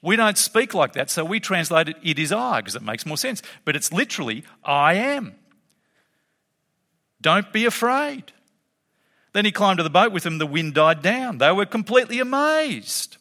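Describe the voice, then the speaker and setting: With a bright, high voice that leaps up and down in pitch, this preacher sermonizes at a moderate pace, laughing frequently and speaking with animated emphasis. A hall's long reverb lingers after every phrase.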